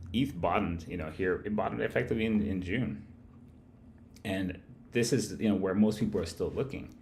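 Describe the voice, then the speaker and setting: A man's voice: sits low, a little mellow, slight background noise. A man hosting a live market-analysis stream, rambling and cursing freely as he talks straight to his chat. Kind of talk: casual livestream market commentary.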